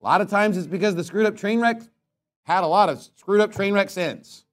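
A male pastor preaching a sermon bluntly, swinging between loud emphatic bursts and quiet asides. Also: high voice, a little fast. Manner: peppers points with "okay?" and "you know what?".

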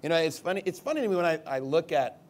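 A man's voice: a little high, animated, racing. A male pastor preaching a sermon off the cuff. He rambles at times and turns emphatic when he reads scripture.

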